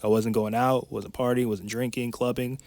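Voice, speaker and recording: A man speaking as a podcast guest and life coach, telling a personal story in a candid, emotional way, with quick restarts. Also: medium pitch, level tone, a little mellow, dry recording.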